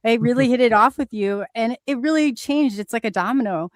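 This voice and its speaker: Enthusiastic woman talk host, filler-heavy, slightly high, dry sound. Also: brisk, no room sound. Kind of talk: casual chat.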